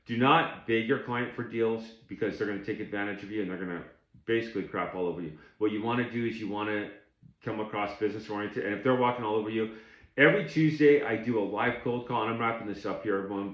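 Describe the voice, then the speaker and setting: A man's voice: lowish voice, steady tone, fast, echoey room, dull audio. A man coaching beginners in a casual, blunt and plainspoken way, often restarting his sentences. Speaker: tax overage business coach. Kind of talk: casual instructional talk to camera.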